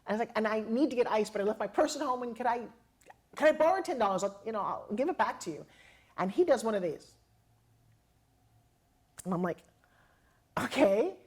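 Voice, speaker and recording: A middle-aged woman telling personal stories as a motivational speaker, lively and acting out quoted dialogue with laughs. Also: fairly high pitch, fairly quick, long pauses, husky. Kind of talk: personal storytelling to an audience.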